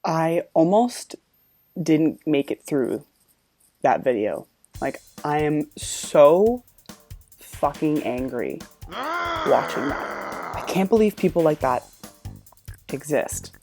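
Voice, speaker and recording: A woman's voice: low voice, very animated, slow, long pauses, darkish tone, soft background music. A woman hosting a reaction video, ranting with plenty of swearing and exasperation. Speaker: host.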